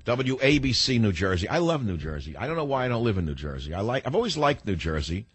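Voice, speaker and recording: Ranting husky older talk radio man. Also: fairly low pitch, big pitch swings, fast, no room sound. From United States. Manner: combative, ranting, swings to reflective. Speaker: radio talk show host. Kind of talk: angry talk radio monologue.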